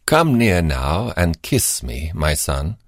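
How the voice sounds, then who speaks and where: A man voicing an old blind father near death, in a slow, solemn scripture-reading cadence. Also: sits low, big pitch swings, dry recording, clean studio sound, full character voice.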